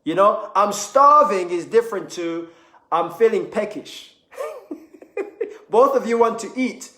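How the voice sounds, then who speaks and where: A man's voice: high-pitched, animated, slow pace, a bit bright, roomy sound. A man giving a motivational talk, repeating phrases for emphasis and acting out quoted speech. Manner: repetitive, emphatic, acts out quoted voices. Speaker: motivational speaker.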